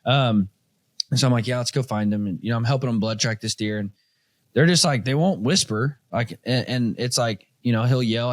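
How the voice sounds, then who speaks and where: Dry-voiced man telling a lively story. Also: mid-range voice, moderate pace, dry recording. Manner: animated storyteller, acts out quoted voices. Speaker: podcast host. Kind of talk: casual hunting story chat.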